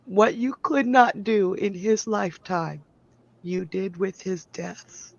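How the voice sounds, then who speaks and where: A woman medium delivers a heartfelt reading at an unhurried, halting pace, her voice rough with fry. The sound is close and dry, and the recording is dull and lo-fi. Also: medium pitch. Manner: slow, tender, halting delivery with apologies. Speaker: psychic medium guest. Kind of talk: emotional live psychic reading.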